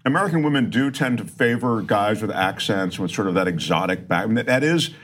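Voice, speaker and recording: A man co-hosting a show, telling a rambling story in a relaxed, chatty way. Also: on the low side, fast talker, a little hiss or hum. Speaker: co-host. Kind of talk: casual comedic chat.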